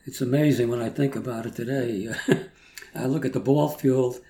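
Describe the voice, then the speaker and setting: A man's voice: mid-range voice, fairly even intonation, moderate pace, warm tone. An eighty-two-year-old man, reminiscing in casual chat and chuckling as he rambles through stories. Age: 80s. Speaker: guest. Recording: roomy echo, faint noise.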